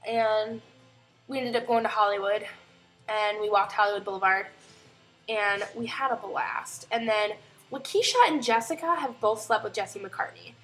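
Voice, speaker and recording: A woman's voice: medium pitch, moderate pace, soft background music. A young woman telling a chatty story in a casual vlog at home, acting out other people's lines as she goes. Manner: chatty, animated retelling with quoted voices. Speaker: vlogger.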